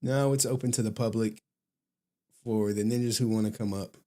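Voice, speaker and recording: A man's voice: lowish voice, fairly even intonation, normal speed, mellow. A man hosting a livestream, chatting casually with his viewers in slang, often laughing and repeating himself. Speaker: livestream host.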